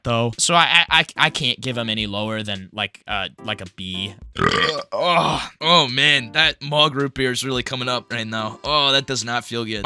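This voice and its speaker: A young adult college student vlogger with a mid-range, sharp-toned voice rants bluntly and crudely through a comedic tier list. He stammers and restarts as he goes.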